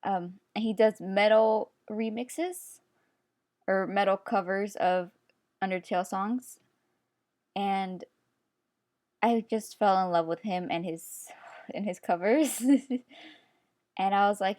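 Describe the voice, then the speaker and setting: Speaking slowly with frequent pauses, a young woman keeps a steady tone in her mid-range, slightly mellow voice. She's an art YouTuber giving long, rambling, casual commentary as she draws, teasing herself and often laughing, in a computer screen-recording voice-over.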